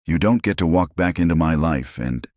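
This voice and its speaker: A man's voice: extremely low pitch, lively intonation, moderate pace, a little mellow, no room sound, clean studio sound. A man voicing a desperate, heartbroken young mother who cries out in anguish, in a storytelling narration. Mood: shaken. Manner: tearful, raises her voice in anguish.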